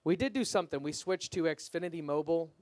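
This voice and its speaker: A young man performing a stand-up comedy set at an open mic, deadpan and self-deprecating, his punchlines trailing off quietly. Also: on the high side, fast, dry recording. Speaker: stand-up comic.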